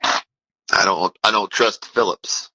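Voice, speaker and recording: A man plays an old dead football coach ringing in from the afterlife. He rambles and ties unrelated things together in a sharp, very bright voice, and his pitch jumps suddenly. The sound is dry and close. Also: fairly even intonation, slow pace, dry recording, exaggerated voice, low-quality recording. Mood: rambling. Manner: rambling, nonsensical, jumps between stories.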